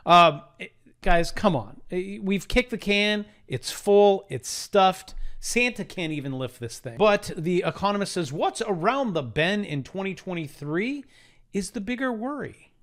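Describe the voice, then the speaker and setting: A man's voice: high voice, sing-song, measured pace, fairly bright tone. A man giving sarcastic market commentary, mocking the news he reads with exaggerated asides.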